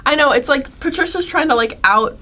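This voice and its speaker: A woman's voice: sits high, lively intonation, fairly quick, sharp tone. A young woman co-hosting a podcast, chatting casually and giggling often. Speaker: podcast co-host. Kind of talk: casual chat.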